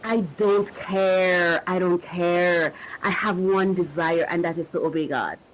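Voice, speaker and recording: A middle-aged woman, a podcast host and coach, offers listeners a reflective spiritual talk about faith, emotional and searching, breaking off to restart as she looks for words. She has a lowish, steady voice at a moderate pace, and the poor audio carries slight background noise.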